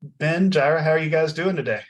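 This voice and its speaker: Friendly podcast host man. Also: a little high. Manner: friendly, halting, many fillers. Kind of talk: casual podcast chat.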